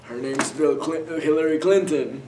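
A man's voice: fairly high pitch, normal speed. Giggly man in an echoey room. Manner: giggly, laughs often. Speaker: co-host of a challenge video. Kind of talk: casual chat. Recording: echoey room, far from mic, loud noise.

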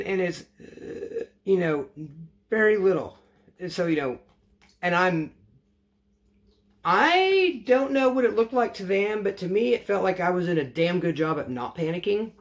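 A man's voice: on the high side, creaky. A man telling a casual storytime to his vlog audience, rambling and correcting himself as he goes, wry and matter-of-fact. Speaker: vlogger.

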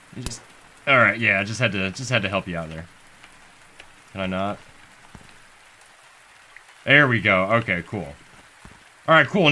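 Here the gaming video host has a mid-range voice as he jokes through a let's-play. Goofy and sarcastic, he swears freely and grows excited while playing.

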